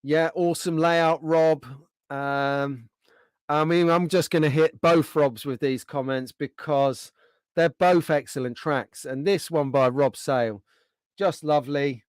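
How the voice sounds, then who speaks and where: A friendly man hosts a casual livestream and chats easily with his viewers. His voice sits a little high for a man. The sound is dry and close, with no room around it. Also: fairly even intonation, a little slow, clear, resonant tone, no echo. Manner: chatty, friendly, reads out viewer comments. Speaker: livestream host.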